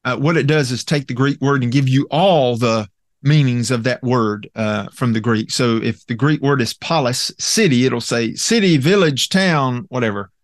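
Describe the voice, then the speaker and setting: A man gives an expository Bible lesson in a mid-pitched voice, earnest and emphatic. He pauses often with fillers and asks "okay?" as he goes. The recording is dry and close, with no room sound. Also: no room sound. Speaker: Bible teacher.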